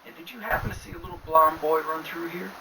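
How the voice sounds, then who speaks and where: A man's voice: a little high, steady tone, fast, voice pushed up, lightly acted. A man voicing a middle-aged bearded father in a trucker hat, folksy and incredulous, with a slight Southern accent. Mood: worried. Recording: distant mic with clear noise.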